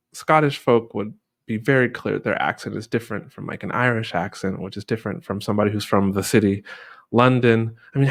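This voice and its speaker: A man from the United States chatting casually, relaxed and rambling with many fillers. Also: fairly low pitch, vocal fry. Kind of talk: casual chat.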